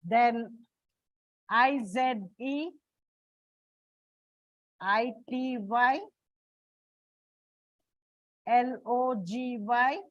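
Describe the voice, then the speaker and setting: Her slightly high voice, with no echo, carries an Indian English accent as she gives a slow classroom English lesson. She repeats every example word and spells out the endings one letter at a time, all captured on muffled, dull lo-fi audio.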